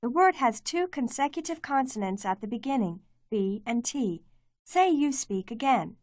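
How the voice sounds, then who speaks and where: A woman giving clear, measured scripted narration for a language course. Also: a little high, lively intonation, a little mellow, no echo, clean studio sound. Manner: clear, measured teaching delivery.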